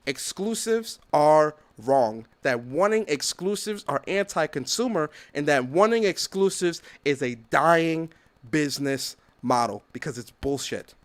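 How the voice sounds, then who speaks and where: A high-pitched man hosts a podcast alone, ranting with lots of swings in his voice. He swears freely and acts out the people in his stories. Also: expressive, measured pace. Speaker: podcast host. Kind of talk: opinionated solo commentary.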